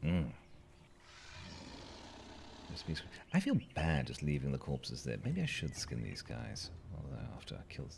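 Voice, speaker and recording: A man's voice: extremely low pitch, huge pitch swings, normal speed, creaky, slight background noise. A man chatting playfully through a game as a let's-play host, joking with the creatures on screen. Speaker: gaming channel host.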